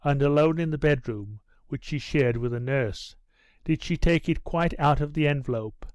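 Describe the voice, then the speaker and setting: A male audiobook narrator reading a classic novel in steady, unhurried scripted narration. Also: on the high side, no room sound.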